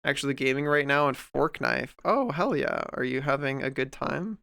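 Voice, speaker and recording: A man's voice: medium pitch, moderate pace, creaky, sharp tone, no room sound. A man streamer chatting casually while he draws, rambling and heartfelt, full of fillers and restarts, close to the mic at home. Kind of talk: casual livestream chat while drawing.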